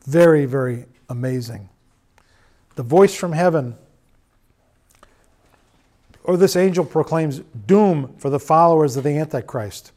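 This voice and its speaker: A middle-aged man preaching a sermon, swinging between loud urging and quiet storytelling. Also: fairly high pitch, expressive, unhurried, pauses often.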